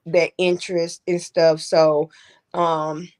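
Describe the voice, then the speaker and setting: A woman's voice: sits low, flat delivery, takes it slowly, a little mellow. A middle-aged woman co-hosting a podcast, telling a story in casual chat and acting out the people she quotes. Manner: storytelling, acts out quoted voices. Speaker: podcast co-host.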